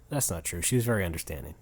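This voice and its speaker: Low-voiced wry man co-hosting. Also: animated, fairly quick, breathy edge, no echo. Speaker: podcast co-host. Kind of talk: casual chat.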